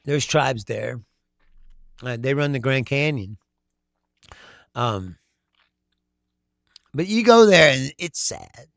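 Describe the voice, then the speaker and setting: A man's voice: medium pitch, takes it slowly, creaky, pauses often, no echo, studio quality. A middle-aged man hosting a casual political chat, reading viewer comments and answering with profane, laughing stories. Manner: laughing, profane, animated storytelling.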